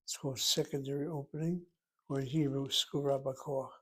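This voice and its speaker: A man teaching a Hebrew lesson, explaining slowly and carefully and sounding out words. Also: medium pitch, little pitch movement, slightly rough. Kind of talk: slow classroom lesson.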